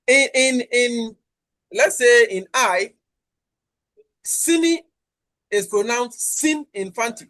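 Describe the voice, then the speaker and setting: A man from Ghana giving an academic conference lecture, explaining carefully and deliberately, with repetitions and restarts. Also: high-pitched, fairly bright tone. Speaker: linguistics lecturer.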